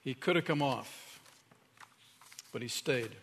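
A man preaching a sermon as pastor, earnest, sometimes dropping to a hushed tone for emphasis. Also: mid-range voice, slow, gravelly, husky. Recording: reverberant hall.

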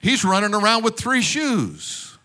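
Male preacher, high and forceful, punchy rhetorical sermon style with playful jabs at the congregation. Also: wildly swooping pitch, unhurried. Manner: emphatic, with rhetorical questions and calls for amen; joking asides to the congregation. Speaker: pastor.

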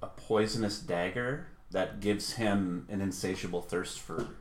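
Man, lowish voice, measured explaining, echoey room. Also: a little hiss or hum. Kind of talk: casual chat.

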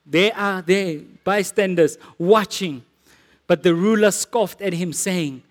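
A man's voice: high voice, slow pace. A man with a South African accent preaching a sermon, earnest and rising to emphatic declarations. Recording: echoey hall with long reverb.

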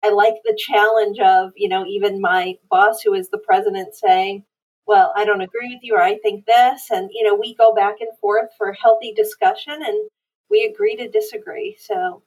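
A woman's voice: mid-range voice, steady tone, normal speed, darkish tone. An earnest woman reflects on her work in an interview. Her voice sounds distant from the mic. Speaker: guest. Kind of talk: interview answers. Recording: heard from a distance.

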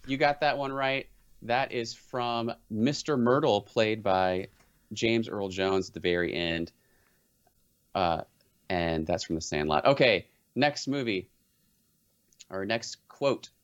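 A man's voice: fairly low pitch, slow pace, smooth, highs cut off. A man hosting a casual movie quote guessing game, reading quotes in playful put-on voices. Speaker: quiz host.

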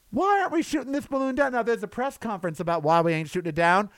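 A man's voice: high-pitched, big pitch swings, moderate pace, fairly bright tone, no echo. A man delivering a sarcastic, exasperated rant as a commentator, with mocking asides. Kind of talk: ranting monologue.

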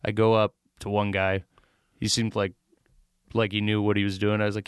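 A man with a low, smooth voice tells a story in loose, animated podcast chat. He mumbles the lines of the people he quotes. The sound is dry and close. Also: normal speed, long pauses, no room sound. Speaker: podcast co-host. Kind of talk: casual chat.

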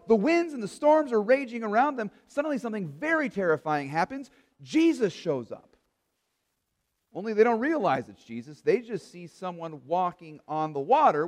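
A man preaching to an online congregation in an earnest, questioning way, often restarting his phrases. His voice sits a little high. The sound carries a long reverb, as in a large hall. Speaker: pastor. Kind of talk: sermon. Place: church or studio for an online service.

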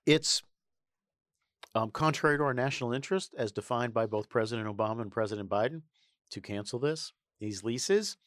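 A man co-hosting a casual political chat, wry and mocking, with many pauses and ums. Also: medium pitch, a bit bright, no room sound, studio quality. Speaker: podcast co-host.

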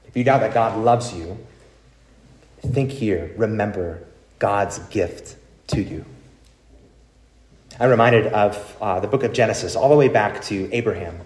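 A male pastor preaching a sermon, telling stories with wide swings between emphatic lines and hushed ones. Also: fairly low pitch, moderate pace, pauses often, reverberant.

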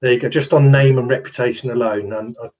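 A man's voice: medium pitch, fairly even intonation, fast, darkish tone, slight background noise. A man co-hosting a podcast, talking in joking, chatty banter. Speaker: podcast co-host. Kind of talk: casual chat. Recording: dull lo-fi sound.

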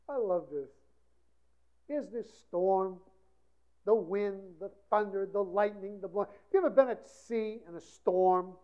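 A woman preaching a sermon with passion, swinging between loud emphasis and hushed passages. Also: medium pitch, measured pace. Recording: dull lo-fi recording.

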